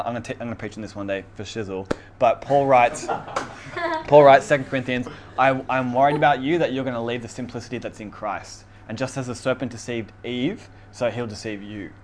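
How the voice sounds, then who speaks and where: A man preaching a casual sermon, who reads scripture aloud with emphasis and laughs often, over faint room noise. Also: medium pitch. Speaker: pastor.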